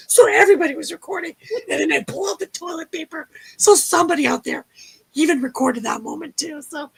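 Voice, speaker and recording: A woman telling lively stories on a casual livestream chat and acting out the people in them. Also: high voice, brisk, vocal fry. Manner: animated storyteller, acts out quotes. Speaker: guest storyteller.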